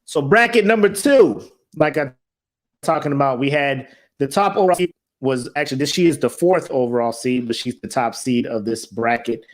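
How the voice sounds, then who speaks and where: A young man co-hosts a podcast, laid-back as he jokes and swears through casual chat. His mid-range voice is animated and moves at normal speed.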